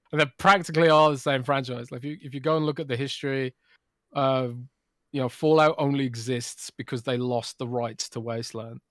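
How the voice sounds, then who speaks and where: A man with a mid-range voice co-hosts a gaming podcast in a casual chat, recorded dry with clean studio sound. He's animated and enthusiastic, rambling along with lots of fillers.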